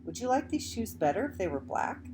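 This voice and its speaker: A sensible ten-year-old girl, patient and coaxing with a younger child, as a woman reading aloud voices her. The tone runs a little higher than the reader's own and moves lively through its range. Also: brisk, background noise. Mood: gentle, coaxing. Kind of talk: read-aloud storybook acting.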